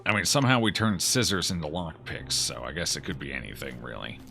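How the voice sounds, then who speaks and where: A man's voice: a bass voice, fairly quick, gravelly, music in the background. A man giving casual, joking commentary while playing a game and reading its text aloud. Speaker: gaming video host.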